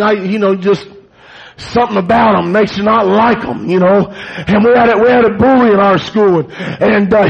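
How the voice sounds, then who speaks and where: Gravelly high-voiced preacher, lo-fi. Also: male voice. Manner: preaching in rising bursts, shouting at peaks. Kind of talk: fiery revival sermon. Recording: dull lo-fi church recording.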